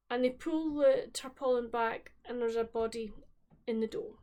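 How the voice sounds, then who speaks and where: A woman's voice: fairly high pitch, steady tone, moderate pace, warm tone, clean tone. A woman chatting casually about books she has read, rambling with frequent restarts. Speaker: book vlogger. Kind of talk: casual book chat.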